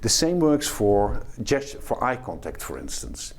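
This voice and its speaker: A man's voice: on the low side, wildly swooping pitch, measured pace, creaky. A man, a professor, explains a topic to camera in a video lecture and demonstrates what he describes as he talks. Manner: explanatory, demonstrates behaviours while talking. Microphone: camera facing speaker.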